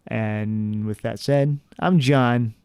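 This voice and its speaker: Casual, smooth-voiced young man. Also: mid-range voice, drawn-out words, no echo, studio quality. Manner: relaxed, many fillers and restarts. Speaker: vlogger reviewing attractions. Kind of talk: casual review talk.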